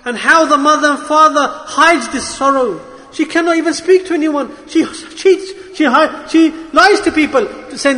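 Male preacher, emotional sermon, pleading delivery, sharp bright tone, long hall reverb. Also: very high voice, moderate pace, hardly any pauses. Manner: impassioned, pleading, rises and falls sharply.

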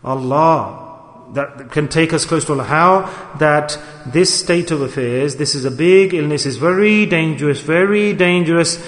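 Man, high-pitched, animated sermon, reverberant hall. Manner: animated, acts out quoted voices. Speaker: preacher. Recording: echoey hall.

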